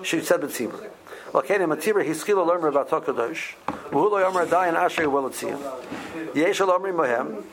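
Gravelly, slightly high-voiced man, teaching law haltingly over a murmuring crowd. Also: expressive, low-quality recording. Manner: halting, many ums and restarts, mixes Hebrew and Aramaic terms. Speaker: Torah teacher. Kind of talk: halacha class explaining Jewish law.

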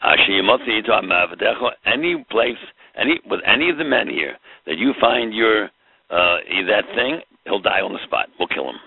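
Gravelly man teaching over a tinny line. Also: fairly low pitch, animated, normal speed, no echo. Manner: explains with rhetorical questions, mixes in Hebrew terms. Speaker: Torah teacher. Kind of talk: Torah class.

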